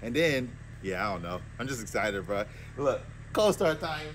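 A man's voice: medium pitch, normal speed, background noise. Hyped young man vlogging cars. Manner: hyped, slangy, excitable. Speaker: car vlogger. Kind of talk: casual car vlog. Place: outdoors by cars, then inside a car.

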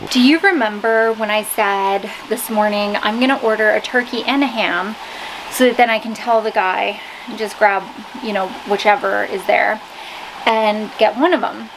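A woman's voice: mid-range voice, gravelly. A woman vlogging at home in a casual, chatty way, often laughing and poking fun at herself. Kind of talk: casual vlog chat. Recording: noisy home recording.

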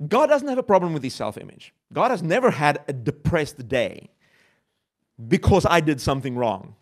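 A man's voice: a little high, sing-song, moderate pace. A male pastor preaching a sermon, talking in a conversational way, asking the audience questions and laughing at himself. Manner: conversational, with self-mocking laughs.

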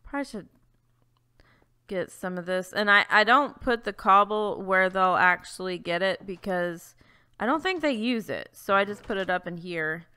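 A woman's voice: medium pitch, lively intonation, moderate pace, bright, forceful tone, clean tone. A woman hosting a let's-play, chatting casually through her gameplay, easily flustered and full of exclamations and restarts.

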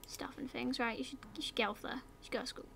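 A woman's voice: on the high side, fairly even intonation, quick pace, vocal fry, a bit bright, a little hiss or hum. A young British woman chatting through a life-sim game as a YouTuber, giving her characters orders, slipping into whispers and silly voices, swearing casually. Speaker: gaming YouTuber. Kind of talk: casual let's-play commentary.

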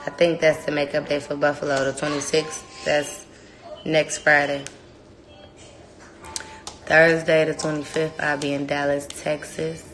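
A young mother chatting casually in a home vlog, coaxing her toddler in a sing-song voice and giving relaxed updates to the camera. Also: sits low, unhurried, long pauses, a little hiss or hum. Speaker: mother and vlogger.

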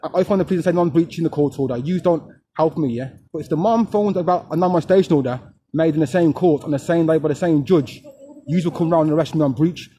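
Man, high voice, fast and needling, street vlog host confronting people. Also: warm tone, a little hiss or hum. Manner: confrontational, taunting, rapid-fire questioning. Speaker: fathers' rights activist vlogger. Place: outdoors on a street.

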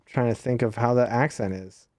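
A man in his forties hosting a game stream, easygoing and quick to laugh. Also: mid-range voice, darkish tone, no room sound. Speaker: streamer host. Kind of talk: casual gaming chat.

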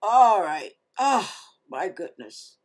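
A woman's voice: medium pitch, sing-song, slow. A woman giving a fervent devotional sermon online, reading scripture aloud and talking directly to her listeners. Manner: fervent, emphatic, breaks into gospel singing; addresses listeners as y'all and you guys. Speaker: online preacher.

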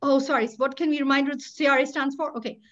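High-voiced, outspoken older woman lawyer. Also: fast, dull audio. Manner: animated, candid, with sarcastic asides. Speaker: public interest lawyer. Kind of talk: webinar panel talk. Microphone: video call.

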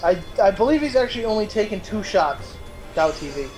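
A man's voice: sits high, very animated, fairly quick, over music, rough recording. A man co-hosting a casual game live stream, relaying viewer messages and teasing the host.

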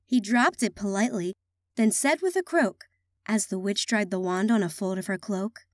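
A woman reading a children's picture book aloud in an expressive, sing-song way. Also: mid-range voice, moderate pace, no room sound, clean studio sound. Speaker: children's story reader.

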